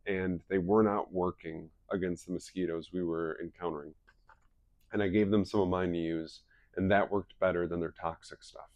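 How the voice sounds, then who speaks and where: Male wellness presenter, lowish voice, anecdotal and chatty, live group talk. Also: a little mellow, no echo. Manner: chatty storyteller who laughs at his own stories.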